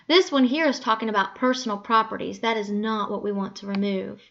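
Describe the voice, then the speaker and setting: A woman teaching a screen-recorded software lesson, patiently talking through each click and correcting her own slips aloud. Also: medium pitch, fairly even intonation, a little fast, creaky, dull audio.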